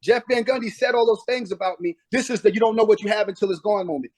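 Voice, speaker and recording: Emphatic high-voiced middle-aged man. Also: fast, darkish tone, dry recording. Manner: emphatic, acts out past conversations. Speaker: guest, former pro basketball player. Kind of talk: casual interview storytelling.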